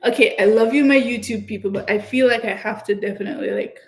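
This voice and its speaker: A young woman from Canada, chatting excitedly and giggling as she hosts her own livestream. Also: on the high side, quick pace. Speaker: livestream host. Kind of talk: casual livestream chat. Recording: echoey room.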